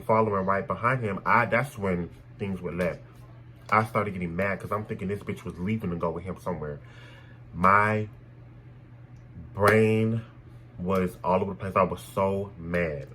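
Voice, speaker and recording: A young man telling a personal story in a casual, animated way, blunt and full of swearing. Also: lowish voice, slight background noise, poor audio. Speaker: storytime vlogger.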